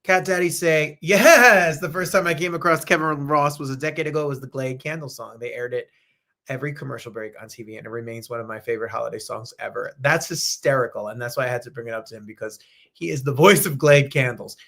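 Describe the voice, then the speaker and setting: A middle-aged man with a fast, bright, pushed mid-range voice and vocal fry hosts a live talk show. He chats effusively and emotionally with viewers, sometimes singing snippets.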